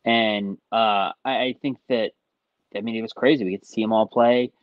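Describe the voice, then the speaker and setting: A man's voice: on the low side, steady tone, normal speed, dry recording, muffled recording. A man co-hosting a sports podcast, giving casual analysis in a hesitant way, leaning on "I mean" and "I think". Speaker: podcast co-host.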